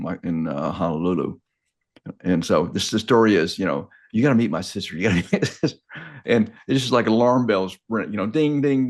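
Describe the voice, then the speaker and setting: A man in his sixties with a very deep, low-pitched voice tells a long personal story. He talks in a halting, casual way, stopping and restarting phrases and repeating small words as he searches for them. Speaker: guest.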